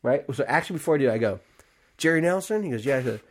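A young adult man spins a long, profane story among friends at an ordinary pitch. He jumps in and out of the voices of the people in it. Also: very fast, husky. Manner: animated, profane, acts out quoted voices. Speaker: barbershop podcast host telling a story.

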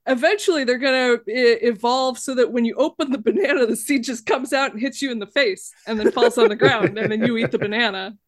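Woman cohost, bit high voice, dry jokey delivery, no room sound at all. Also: no room sound. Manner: quick, playful, deadpan jokes. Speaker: podcast co-host. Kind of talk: casual chat.

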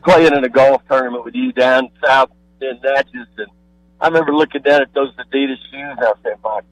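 A man calling into a radio show, a former pastor telling a folksy anecdote in a relaxed way. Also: mid-range voice, fairly quick, poor audio. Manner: warm folksy anecdote teller. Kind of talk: casual phone-in chat.

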